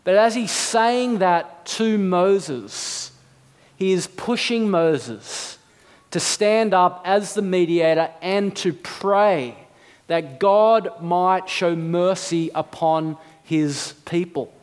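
A man's voice: sits high, slow pace. A man, perhaps in his thirties, preaching a sermon, earnest and emphatic, with rhetorical questions. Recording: long reverb of a hall.

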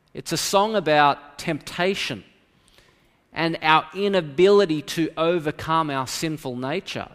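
A pastor preaching a sermon in a church, swinging between loud emphasis and hushed quiet. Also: male voice, fairly high pitch. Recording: long reverb of a church hall.

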